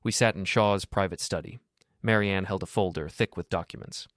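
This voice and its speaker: A man narrating a dramatic first-person story in a steady, solemn way. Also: sits low, moderate pace, no echo, clean studio sound.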